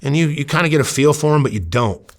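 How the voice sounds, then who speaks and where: A man's voice: a little high, expressive, fast. Rambling storyteller man from Iowa. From Iowa, USA. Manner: loose and rambling, many fillers, acts out quoted dialogue. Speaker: former undercover officer, interview guest. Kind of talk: casual storytelling in an interview.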